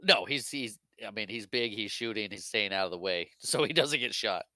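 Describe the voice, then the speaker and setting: A man's voice: lowish voice, normal speed, sharp tone, no echo. A man co-hosting a casual movie podcast, laughing often and playfully voicing characters as he retells scenes. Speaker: podcast co-host. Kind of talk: casual movie recap chat.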